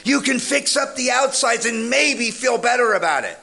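A man's very high voice, with vocal fry, carries a joke-filled motivational recovery talk at a moderate pace. He spins lively stories full of energy and humor.

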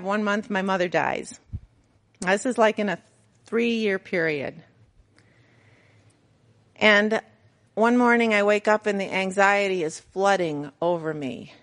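A middle-aged woman speaks to a recovery group in a candid, storytelling way. Her pitch sits in an ordinary middle range. She mocks herself with a dry sense of humor. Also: a bit bright. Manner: candid, storytelling, self-mocking with laughs. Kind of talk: personal testimony to a group.

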